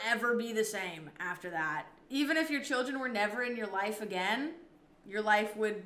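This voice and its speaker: Bright-voiced woman chatting on stream. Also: fairly high pitch, echoey room. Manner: chatty, reads and answers viewer messages. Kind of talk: casual live-stream chat.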